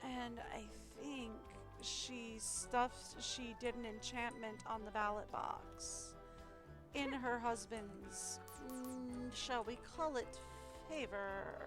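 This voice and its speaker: A woman's voice: fairly high pitch, steady tone, slow. A woman streaming a game live, musing and rambling aloud as she plays. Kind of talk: casual live-stream commentary. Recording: game music faintly behind.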